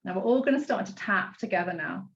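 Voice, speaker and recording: A woman coaching a group through tapping points on a video call, gentle and encouraging as she walks through each step. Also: mid-range voice, fast talker, lo-fi sound. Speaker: self-love coach leading a tapping class.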